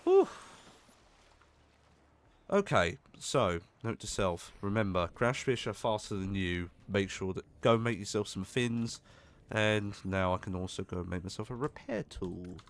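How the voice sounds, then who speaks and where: A man's voice: fairly low pitch, moderate pace. A man giving casual gameplay commentary, chatty and jokey, swearing when startled. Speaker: gaming streamer.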